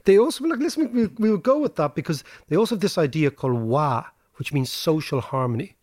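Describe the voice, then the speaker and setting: An Irish man hosting a podcast, explaining history and economics in animated casual chat, often tagging his points with "right?". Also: on the high side, fast talker, no room sound, clean studio sound. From Ireland. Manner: animated lecturing, rhetorical "right?" tags. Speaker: podcast host.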